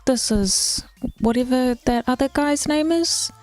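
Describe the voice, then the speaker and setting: A woman's voice: high-pitched, unhurried, a little mellow, pitched above the performer's own voice. A woman voicing a friendly rock creature man in a New Zealand accent, from a film. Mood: goofy.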